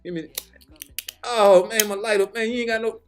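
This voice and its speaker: A man's voice: sits high, fairly even intonation, moderate pace, faint music behind, voice pushed up, lightly acted. A man voicing a jittery male street informant who rambles in a whiny, frantic way.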